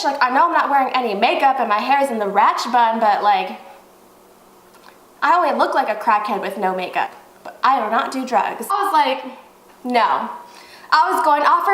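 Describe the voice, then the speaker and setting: Animated high-voiced young woman. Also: moderate pace, reverberant, rough recording. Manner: animated, expressive, swears freely. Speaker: beauty vlogger. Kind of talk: casual storytime.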